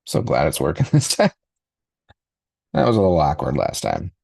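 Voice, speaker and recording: A man's voice: extremely low pitch, wildly swooping pitch, normal speed, creaky, a little mellow, slightly rough, no room sound. A man in his forties hosting a live podcast reaction stream, talking casually and rambling with frequent fillers. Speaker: podcast host.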